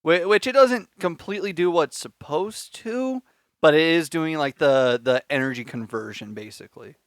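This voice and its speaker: A man hosts a podcast, recapping an episode in a casual, rambling way with filler words and swearing. His voice is fairly high with lively intonation at a moderate pace. The recording is dry, with clean studio sound.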